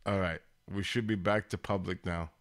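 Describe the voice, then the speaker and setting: A man's voice: deep voice, steady tone, normal speed, fairly bright tone. A man hosting his own live stream, chatting casually and rambling as he talks straight to viewers in chat.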